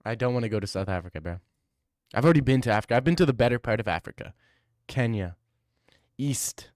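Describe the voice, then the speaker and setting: A man's voice: medium pitch, lively intonation, quick pace, a little mellow, no room sound. Slangy young streamer man, dry mic. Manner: laughing, slangy, says bro a lot. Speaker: streamer reading chat. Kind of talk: casual chat.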